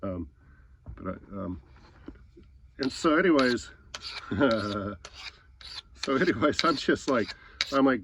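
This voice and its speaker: A man's voice: mid-range voice, lively intonation, slow pace, pauses often, background noise. A man telling an angry story in a heated, profane rant, often stumbling over his words and restarting. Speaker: host.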